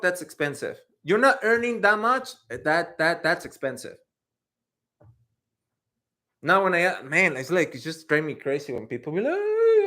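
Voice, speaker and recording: A man in his thirties, an IT career coach, chatting casually on a livestream and answering viewer questions with animated, slangy talk. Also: high voice.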